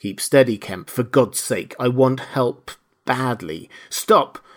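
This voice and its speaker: A desperate, wounded invisible man , read by a male narrator, whose voice pushes with urgency. He pleads and threatens in the same breath, louder and sharper than calm narration. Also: mid-range voice, slow. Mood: urgent.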